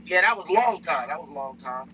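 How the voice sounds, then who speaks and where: A man with a high, bright voice tells quick stories and tosses off laid-back replies in a group chat. His voice has a sharp, forward edge. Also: animated. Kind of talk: casual chat.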